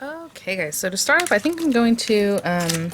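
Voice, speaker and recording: A woman's voice: mid-range voice, sing-song, normal speed, a bit bright, slight background noise. A woman hosting a craft video, chatting casually with many fillers as she shows supplies. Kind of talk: casual product review and tutorial.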